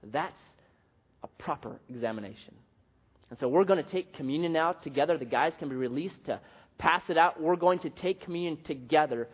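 A man preaching a sermon as pastor, telling a story with lively acted quotes. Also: on the high side, a little fast, husky, muffled recording.

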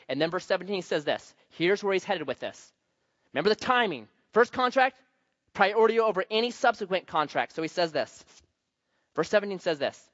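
A high-pitched male pastor teaches scripture in a relaxed, conversational sermon sprinkled with anecdotes. Key words get sudden, emphatic bursts, with loudness varied for stress. The slightly muffled recording carries no room sound.

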